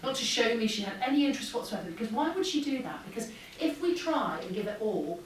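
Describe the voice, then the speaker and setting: A woman, a former air force pilot, giving a lively motivational keynote and acting out the dialogue in her stories. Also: on the high side, quick pace. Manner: lively anecdotal, acts out dialogue. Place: large hall with an audience. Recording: echoey hall, distant mic, faint hum.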